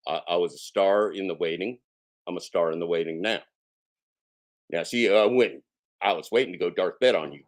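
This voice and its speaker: Sarcastic man hosting a live stream. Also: low voice. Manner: sarcastic, mocking, swearing, boastful. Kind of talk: casual live-stream monologue.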